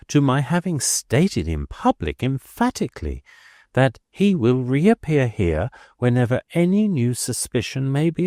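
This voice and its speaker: A man's voice: mid-range voice, dark tone, no echo, studio quality, pitched above the performer's own voice. A man voicing an anxious, deferential young clergyman who speaks in a raised, faltering way. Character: earnest anxious young male minor canon.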